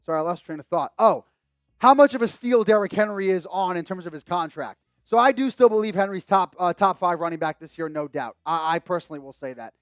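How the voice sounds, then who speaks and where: A young man hosting a live sports stream, chatting casually about the game and shouting with excitement at big moments, a little hoarse from losing his voice. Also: sits high, fairly quick, no echo, soft background music. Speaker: sports livestream host. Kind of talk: live game commentary and chat. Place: home streaming setup with a monitor.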